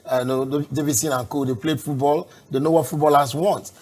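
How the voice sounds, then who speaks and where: Male reporter, quick and eager, slightly high. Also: steady tone, darkish tone. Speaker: football reporter.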